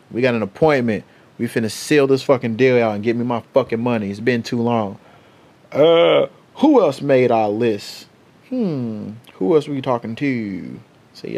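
A young man hosting his own podcast, chatting casually in a loose, profane, rambling way as he gives shout-outs. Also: medium pitch. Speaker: podcast host. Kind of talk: casual solo podcast chat.

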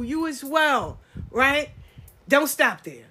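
A middle-aged woman, hosting a podcast in a blunt, animated casual monologue and swearing freely. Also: mid-range voice, a little slow. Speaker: podcast host.

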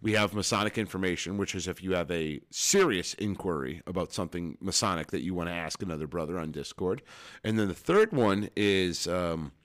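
A man's voice: low-pitched, animated, fairly quick, hardly any pauses. A man co-hosting a podcast in casual, joking banter with lots of laughter and some swearing. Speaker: podcast co-host. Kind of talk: casual chat. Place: home studio.

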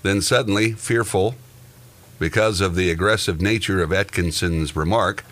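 A man with a very deep voice reads quirky news items aloud. He turns them into casual, joking banter with his co-host. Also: normal speed, fairly bright tone. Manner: reads odd news items then jokes about them.

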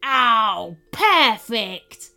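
A woman voicing a gleeful, bearded male pirate captain who gloats loudly and drawls his words. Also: high-pitched, big pitch swings, faint music behind, voice pushed up, heavily acted. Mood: gloating. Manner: loud, boisterous, drawn-out gloating.

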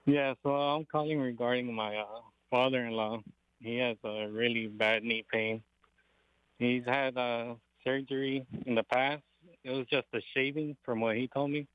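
A man's voice: mid-range voice, fairly even intonation, moderate pace, smooth, no echo. A man in his twenties calling into a radio show, speaking in a plain, matter-of-fact way. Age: 20s. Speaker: caller, EMT. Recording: dull phone-line call.

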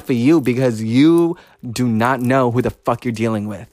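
Guy ranting on his own podcast, swears a lot, mid-pitched, really dry close sound. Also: normal speed, a little mellow, dry recording. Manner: blunt, profane and emphatic, rising in pitch when fired up. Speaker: podcast host. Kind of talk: casual storytelling monologue.

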